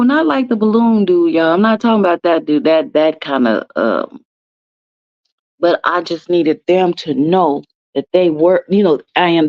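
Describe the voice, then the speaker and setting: A woman's voice: sits low, dry recording. A woman, hosting a casual morning chat and talking emphatically to her listeners. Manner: chatty, emphatic, drawn-out stresses, calls listeners "y'all" and "baby". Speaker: host. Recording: dry, slightly dull sound.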